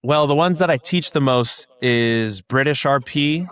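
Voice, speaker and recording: A man's voice: medium pitch, unhurried, fairly bright tone, clear, resonant tone, no echo. A young man in his twenties, a podcast guest chatting casually and rambling with many restarts. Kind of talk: casual chat.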